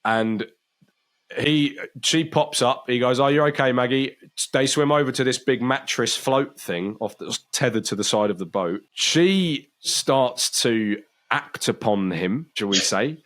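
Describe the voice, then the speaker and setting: A man's voice: mid-range voice, measured pace, fairly bright tone. A young man co-hosting a podcast, telling a story in a rambling, wry way that often breaks off and restarts. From Britain. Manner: rambling, self-interrupting, wry. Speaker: podcast co-host. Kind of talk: casual chat, storytelling.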